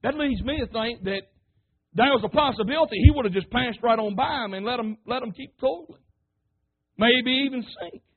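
A man preaching a sermon, fervent and calling out to his congregation, sometimes rising to shouts. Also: very high voice, fairly quick. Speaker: pastor. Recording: tinny phone-like sermon recording.

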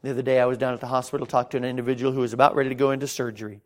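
A man preaching a fervent evangelistic sermon to a congregation in a church, surging loud then dropping quiet, with many stammered restarts. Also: medium pitch, level tone, rapid-fire. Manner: impassioned, swings between loud surges and quiet intensity, frequent stammered restarts.

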